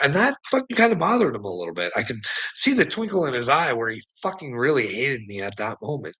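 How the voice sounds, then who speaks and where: A man's voice: mid-range voice, wildly swooping pitch, brisk, bright, forceful tone, slightly rough. A man telling a personal story in a casual monologue, sarcastic and profane, swearing freely and laughing often between lines.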